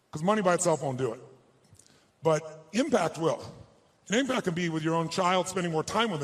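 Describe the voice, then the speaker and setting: A man giving a motivational speech and telling a personal story to an audience. He sounds heartfelt, slows down for emotional moments, and turns persuasive and rallying. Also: on the high side. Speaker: motivational speaker.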